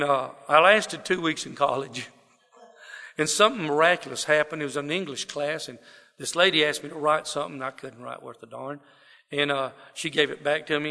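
A middle-aged man from South Texas with a slightly high, gravelly voice and a Southern drawl. He tells his own life story in a folksy, self-deprecating way, slipping into quoted voices. His words ring with a long reverb, as if spoken in a large hall. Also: sharp tone. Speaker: speaker sharing his recovery story. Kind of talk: personal storytelling talk.

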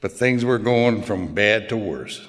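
In a long, reverberant hall, an older man shares a story from his own life, folksy and plain-spoken, with humor at his own expense. He talks briskly in a lowish voice with a fairly bright tone.

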